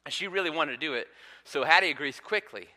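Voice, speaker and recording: A man in his thirties preaching a sermon in a church, telling a family story in a relaxed, conversational way. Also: on the high side, fast talker. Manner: conversational storytelling with frequent ums. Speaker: pastor. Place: church sanctuary. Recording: long hall reverb.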